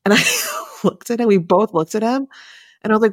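A woman in her thirties, a therapist guest on a podcast, telling family stories in an animated way and acting out the dialogue. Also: mid-range voice, fairly quick, dry recording, clean studio sound. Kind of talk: casual heartfelt conversation.

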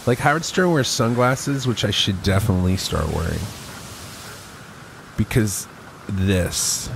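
A man in his forties with a gravelly, somewhat low voice rambles through a podcast monologue, swearing freely and poking fun at himself. He talks close into the mic, with a faint hiss of background noise. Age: 40s. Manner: rambling, profane and self-mocking. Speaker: podcast host. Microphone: mic close in front of his face.

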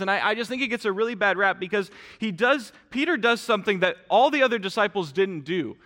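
A man's voice: high voice, expressive, fast talker, few pauses, bright, forceful tone, big-room sound. A man preaching a sermon in a church, talking earnestly to the congregation and often restarting his sentences. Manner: earnest, direct address with frequent restarts. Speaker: pastor. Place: church sanctuary.

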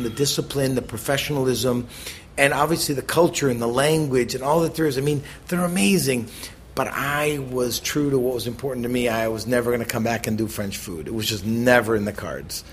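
A middle-aged American man, a chef as interview guest, telling animated stories and acting out the people he quotes. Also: mid-range voice, a little hiss or hum. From United States. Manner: animated, acts out quoted voices, quick bursts. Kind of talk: conversational storytelling.

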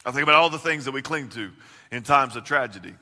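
A man preaching a sermon, swinging from loud, emphatic lines to hushed, intimate questions. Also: mid-range voice, fast. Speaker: pastor. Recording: long reverb of a large hall.

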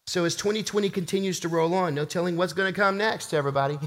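A man's voice: high voice, fast talker. A man preaching a sermon as pastor, impassioned, rising and falling for emphasis.

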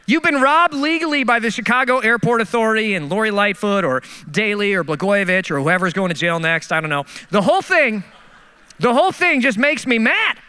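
A man preaching a sermon with a high, very bright, ringing voice. He tells comic stories from the pulpit and keeps breaking into animated, exasperated rants. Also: smooth. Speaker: pastor.

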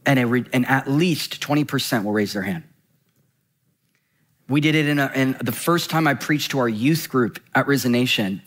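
A man preaching a sermon in a conversational, animated way, slowing down to read scripture and speeding up for quick asides. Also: mid-range voice. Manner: animated, swings between slow scripture reading and quick asides; conversational, frequent "right?" and "like".

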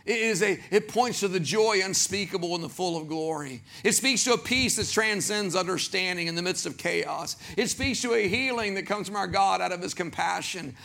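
A Southern pastor preaches with animated energy, slipping into little voices for the people he quotes. His voice sits high for a man and carries a gravelly edge. The tone is bright and forceful, pushing every line out to the congregation. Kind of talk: sermon.

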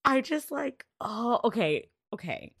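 A woman co-hosting a podcast in casual chat, blunt and swearing freely, breaking into loud laughs. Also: on the high side, very animated, measured pace, vocal fry, slightly rough, no echo, studio quality. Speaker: podcast co-host. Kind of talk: casual chat recapping a TV episode.

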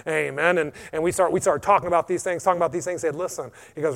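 A man with an American accent preaching a sermon, repeating "amen" and swinging between loud and hushed delivery. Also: a little high, fairly even intonation, rapid-fire, creaky. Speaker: pastor.

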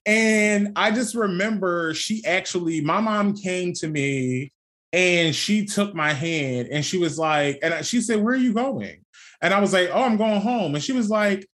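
Young man, casual podcast chat, candid, laughing, swearing, somewhat high pitch. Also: a bit bright. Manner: candid storytelling, swears freely, laughs often. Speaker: podcast co-host.

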